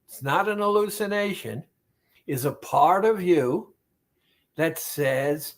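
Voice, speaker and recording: Male therapist, fairly high voice, slow and emphatic, motivational talk straight to the listener. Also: lively intonation. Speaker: weight-loss therapist.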